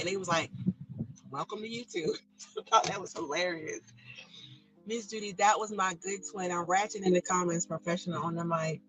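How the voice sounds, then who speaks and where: A bright, clear-toned middle-aged woman talking casually to her live chat audience. She laughs easily and enunciates each syllable, with soft music playing faintly behind her. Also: fairly low pitch, rough recording. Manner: chatty, laughing, pronounces every syllable. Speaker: livestream host reading chat.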